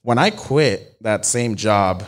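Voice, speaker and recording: A young man co-hosting a podcast, telling a personal story in casual chat, slangy and animated, swearing and laughing as he goes. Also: lowish voice, slow pace. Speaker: podcast co-host.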